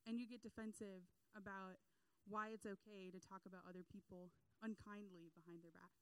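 A young adult woman giving a casual sermon, animated, acting out quotes and laughing between points. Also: medium pitch, fairly quick, clear, resonant tone, rough recording.

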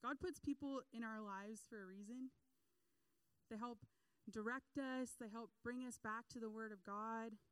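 Bright-voiced young woman preaching casually. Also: a little high, normal speed, smooth, no room sound, rough recording. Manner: animated storytelling with acted quotes and laughs. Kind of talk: casual sermon.

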